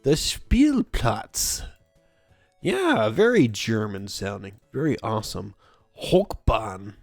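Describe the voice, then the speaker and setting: A streamer from Texas chats through a game in a playful, giggly way, sounding out foreign words. The voice leaps all over the pitch range yet moves at a slow, easy pace. It sounds dry and close, with faint music underneath. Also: sing-song, no echo. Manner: playful and giggly, sounding out German ride names. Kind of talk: casual game-streaming commentary.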